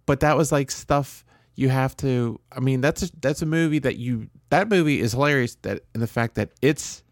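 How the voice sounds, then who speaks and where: A man's voice: medium pitch, moderate pace, no echo, clean studio sound. A man co-hosting a podcast, talking in a casual, rambling and blunt way with jokes and restarts. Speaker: podcast co-host. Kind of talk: casual chat.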